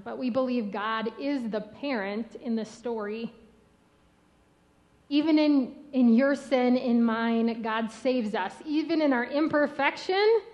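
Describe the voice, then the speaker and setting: A woman pastor giving a sermon with a gentle, rhythmic delivery. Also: a little high. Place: church sanctuary.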